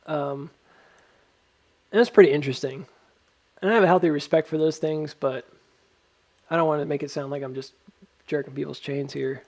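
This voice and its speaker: A man's voice: fairly high pitch, steady tone, moderate pace, pauses often, a little mellow. A man giving casual stock chart commentary, rambling with lots of ums and laughing at his own jokes.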